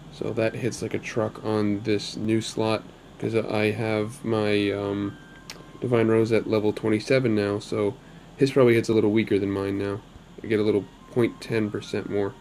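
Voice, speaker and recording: A man's voice: fairly low pitch, darkish tone, slight background noise. Chatty man narrating his gameplay. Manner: chatty and upbeat, rambling asides. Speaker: gaming channel host. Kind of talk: casual gameplay commentary.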